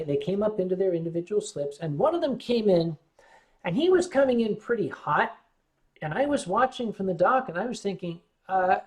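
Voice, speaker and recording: An American man hosting a casual livestream, telling rambling stories with frequent stammered restarts. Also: sits high. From United States. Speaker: livestream host.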